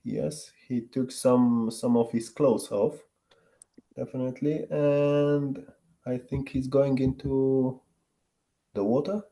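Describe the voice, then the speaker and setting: Hesitant male student on a call, slow and mellow. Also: mid-range voice, little pitch movement, vocal fry. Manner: hesitant, searching for words. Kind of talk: describing pictures in a lesson. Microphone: video call.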